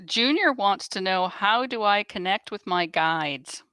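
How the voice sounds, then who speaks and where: Woman co-host, bright crisp tone, dry close sound, reads messages plainly. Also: medium pitch, animated, a little slow, dry recording. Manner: brief, plain read-outs of messages. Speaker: co-host reading viewer questions.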